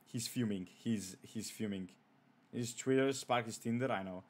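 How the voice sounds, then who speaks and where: A man's voice: lowish voice, normal speed, a little mellow. A young man streaming a horror game, cracking crude jokes and reading on-screen messages aloud. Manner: profane, joking, reads on-screen text aloud. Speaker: gaming streamer. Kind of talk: let's play commentary.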